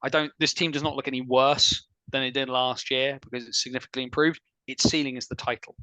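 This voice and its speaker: A man hosting a casual sports podcast, chatty and opinionated, with quick asides. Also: mid-range voice, fairly even intonation, sharp tone, dry recording, low-quality recording. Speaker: podcast host.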